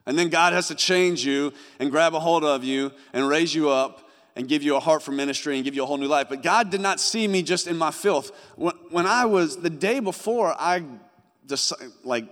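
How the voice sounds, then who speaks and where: Man, young adult, preacher, earnest testimony, slightly high voice, long hall reverb. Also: lively intonation, moderate pace, fairly bright tone. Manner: earnest testimony, rising and falling in intensity. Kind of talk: sermon.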